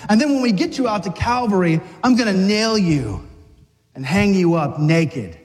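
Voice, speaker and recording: A man's voice: sits high, animated, normal speed. A man voicing the devil as a cruel, taunting tempter in his sermon. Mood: cruel mocking. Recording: long hall reverb.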